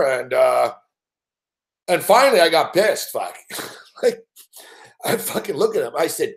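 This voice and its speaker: A man's voice: a little high, sing-song, unhurried, pauses often. A man hosting a sports betting show, telling a story in a casual way, swearing constantly and laughing often.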